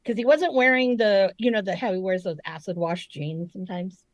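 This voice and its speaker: A woman's voice: mid-range voice, normal speed, no echo, muffled recording. A woman co-hosting a podcast, telling stories in casual chat with lots of profanity. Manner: animated, profane storytelling. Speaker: podcast co-host.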